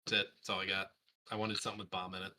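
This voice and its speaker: A man co-hosts a podcast in a very bright, sharp voice. He throws in wisecracks and puns. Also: sits low, flat delivery, very fast. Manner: wisecracking, punning. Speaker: podcast co-host. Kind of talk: casual chat.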